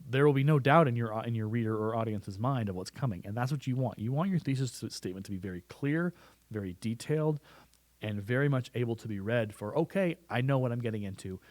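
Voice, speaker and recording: A man's voice: medium pitch, darkish tone, no room sound. A man teaching a writing lesson in a conversational way, often repeating words and restarting phrases. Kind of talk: recorded classroom lesson. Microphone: close studio mic.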